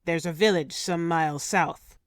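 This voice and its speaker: A woman voicing a harsh male Viking ship's skipper who shouts orders at his crew in an audiobook. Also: on the low side, normal speed, dry recording, studio quality, close to an everyday voice. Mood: terse.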